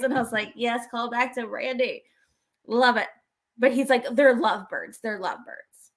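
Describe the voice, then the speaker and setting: A woman's voice: a little high, normal speed. A woman co-hosting a podcast, chattily recapping wrestling and acting out the lines she quotes. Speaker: podcast co-host. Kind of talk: casual wrestling recap chat.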